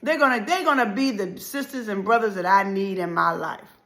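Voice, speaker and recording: Gravelly woman telling a dramatic story. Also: medium pitch, normal speed. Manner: dramatic, swings from loud to hushed, repeats a refrain. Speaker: motivational speaker. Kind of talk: emotional storytelling talk.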